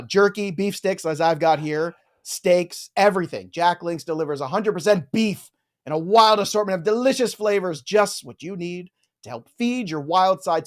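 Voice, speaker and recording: A man with a rather high, very animated voice hosts a live fantasy football show. He banters with his co-host and reads out viewer questions in a lively way. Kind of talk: live sports chat show.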